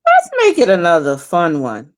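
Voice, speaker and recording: A woman's voice: lowish voice, huge pitch swings, moderate pace, no echo. A woman co-hosting a podcast, asking playful questions and encouraging the guest. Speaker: podcast co-host. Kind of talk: casual podcast interview.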